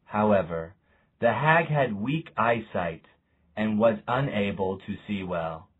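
Male storybook narrator, deliberate and lively in pitch, slightly low, lo-fi audio. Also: husky. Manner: slow, deliberate, lively intonation. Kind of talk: storybook reading.

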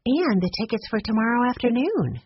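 A sensible older sister in a storybook, read by a woman, practical and level, with a husky, lively voice on a dry, slightly dull recording. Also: a little high, fairly quick, no room sound, voice pushed up, full character voice.

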